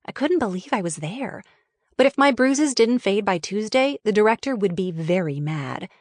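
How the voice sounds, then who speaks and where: A woman's voice: mid-range voice, expressive, moderate pace, no echo, studio quality. Frank, wry woman reading her memoir.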